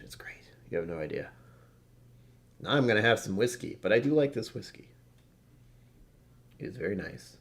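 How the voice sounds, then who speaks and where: Sleepy guy rambling about whisky smells, kinda low voice, swears a bit. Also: expressive, moderate pace, vocal fry, long pauses, a bit bright. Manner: rambling, self-deprecating, swears casually. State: tired from poor sleep. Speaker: whisky reviewer. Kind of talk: casual tasting notes to camera.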